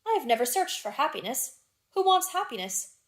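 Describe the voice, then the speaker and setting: Woman reading as a charming young Victorian gentleman. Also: high voice, very animated, fairly quick, pitched above the performer's own voice. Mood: light.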